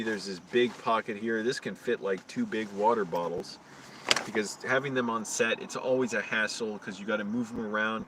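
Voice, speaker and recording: Rambling male live-streamer outdoors, bright voice. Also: a little hiss or hum. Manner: rambling anecdotes, restarts, rises high when retelling arguments. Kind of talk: casual live-stream storytelling.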